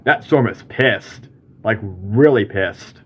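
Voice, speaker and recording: A man at home filming a severe storm out his window, giving excitable, exclamatory live commentary to his viewers. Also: fairly low pitch, takes it slowly. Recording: heavy rain and hail noise. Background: rain and hail pounding.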